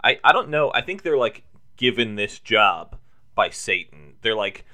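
A man co-hosting a podcast, joking around in casual chat and trailing off into quiet asides. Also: lowish voice, sing-song, unhurried.

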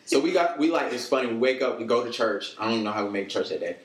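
A man's voice: medium pitch, rapid-fire, reverberant. A man from the States, a podcast guest telling stories in casual chat and acting out what others said. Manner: animated storyteller, acts out quoted voices.

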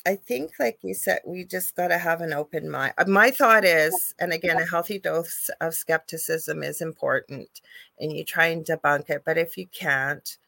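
A woman's voice: low voice, moderate pace, creaky, sharp tone, dry recording. A woman co-hosting a live paranormal chat show, talking casually with many restarts and fillers. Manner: chatty, frequent restarts and fillers. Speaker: co-host, psychic medium.

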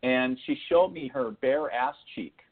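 A man, a spiritual medium, telling funny stories on a talk show in a lively, laughing way. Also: medium pitch, unhurried. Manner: animated, laughing anecdotes with acted-out quotes. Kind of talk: casual storytelling on a call-in show. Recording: phone-line audio.

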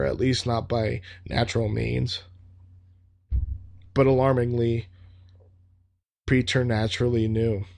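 A man's voice: mid-range voice, a little mellow. A man reading a story aloud, breaking off for offhand, profane asides. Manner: swears freely in offhand asides. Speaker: story reader.

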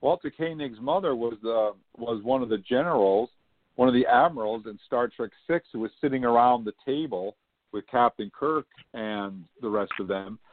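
A male host chatting casually with his guest, chatty and easily impressed. His voice sits at an ordinary pitch. It comes through a dry, narrow phone line. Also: normal speed, no room sound. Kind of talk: casual chat.

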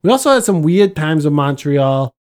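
A man's voice: a little high, very animated, moderate pace, darkish tone. A man in casual conversation, laid-back, laughing often and swearing freely. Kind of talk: casual podcast chat.

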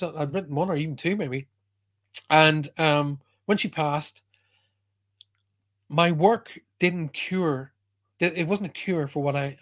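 A man who works as a psychic medium answers a listener's question with earnest emphasis. His voice sits a little on the high side, and he often breaks off and restarts his sentences as he tells a personal story. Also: fairly bright tone. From Ireland.

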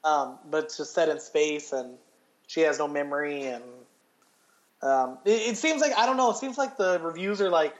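A man's voice: a little high, moderate pace, muffled recording. A man co-hosting a casual podcast chat, rambling and swearing with lots of restarts. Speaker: podcast co-host.

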